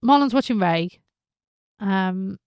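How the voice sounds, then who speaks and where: Female podcast host, casual soap recap, animated, slips into characters' voices; slight fry, dry close mic. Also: mid-range voice, slow, dry recording. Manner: chatty, animated, acts out characters' lines.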